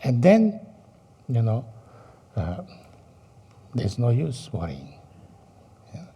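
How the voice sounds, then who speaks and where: Slow, dark-voiced man teaching dharma. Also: mid-range voice, wildly swooping pitch, breathy edge. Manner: slow, halting, many fillers and rhetorical questions. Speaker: Buddhist teacher.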